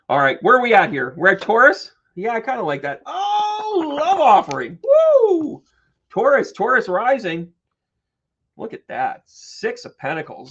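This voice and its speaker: A man hosting a live-stream tarot reading who chats with viewers, playful and joking with quick asides. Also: fairly high pitch, a bit bright, muffled recording. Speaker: psychic medium and tarot reader.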